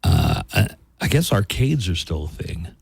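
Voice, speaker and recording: A man's voice: deep voice, sing-song, measured pace, vocal fry, darkish tone, slightly rough, no room sound, studio quality. A man hosting a radio show, easygoing and relaying news stories in chat. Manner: easygoing, storytelling news reader.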